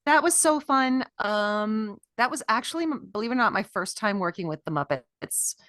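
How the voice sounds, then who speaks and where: A woman's voice: a little high, expressive, moderate pace, a bit bright, dry recording, studio quality. A woman puppeteer, a guest in an interview, talking enthusiastically about her work. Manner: enthusiastic, with fillers and laughs. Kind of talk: casual interview chat.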